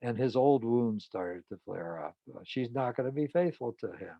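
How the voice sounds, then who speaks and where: A man with a gravelly voice tells a therapy case story in a frank, conversational way. He speaks as a psychologist. The sound is dull and dry, with no room echo. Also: medium pitch, lively intonation, normal speed.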